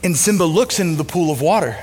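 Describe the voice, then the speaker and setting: A man with a high voice delivers a sermon as relaxed, animated storytelling, filled with fillers and asides. He is speaking in a church auditorium with long reverb. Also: fast talker, slight background noise. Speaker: pastor. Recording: long reverb of a large hall.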